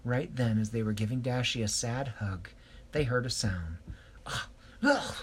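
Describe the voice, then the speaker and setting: A man telling an improvised story, hesitant, pausing and correcting himself. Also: mid-range voice, lively intonation, a little hiss or hum.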